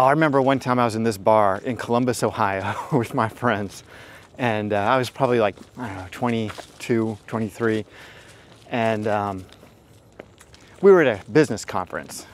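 A middle-aged man talks through his advice in a loose, unscripted monologue, his voice sitting at an ordinary middle pitch. He rambles and circles back with plenty of fillers, and he drops blunt, profane asides along the way. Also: moderate pace, a little hiss or hum. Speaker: dating advice host. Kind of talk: casual storytelling monologue.

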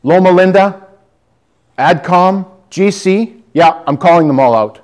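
A man's voice: sits high, a little slow, darkish tone. A man preaching defiantly to a congregation, calling listeners brother and sister. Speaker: lay preacher. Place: church hall with audience.

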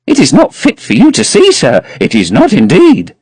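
Guy putting on a high fluttery old housekeeper lady, fussing, voice jumping all over. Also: huge pitch swings, moderate pace, a little mellow, breathy edge, dry recording, exaggerated voice. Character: fussy, garrulous old female housekeeper.

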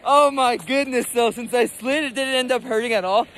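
A man's voice: extremely high pitch, moderate pace, a little hiss or hum. A man vlogging casually, upbeat and laughing often. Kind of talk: casual vlog narration. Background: loud background music.

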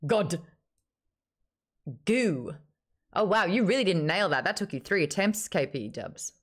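A woman's voice: lowish voice, lively intonation, brisk. A woman hosting a casual live-streamed book chat, playful and teasing, with a bit of swearing. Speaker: host.

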